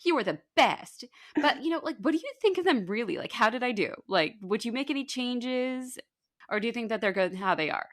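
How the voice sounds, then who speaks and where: A woman's voice: a little high, lively intonation, voice pushed up, natural voice. A woman voicing an eager young male god craftsman who pleads and gushes to his father. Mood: pleading eager. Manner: pleading, gushing, fast-talking.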